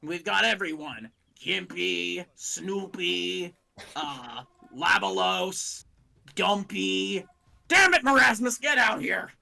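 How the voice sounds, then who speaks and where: A man putting on a loud blustering soldier who shouts for his roommate, slow and punchy. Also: high voice, creaky, full character voice. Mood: excited.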